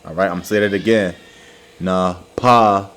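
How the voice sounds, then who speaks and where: Low-voiced man teaching, checking in often. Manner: repetitive, checks in with "all right" and "okay"; spells out words slowly, repeating pronunciations. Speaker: religious teacher. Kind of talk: informal religious lesson to camera.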